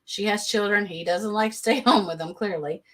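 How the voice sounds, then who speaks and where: A woman's voice: mid-range voice, fairly bright tone. Sassy woman recapping reality TV. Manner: sassy, blunt, quick to laugh. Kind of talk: casual live-stream commentary.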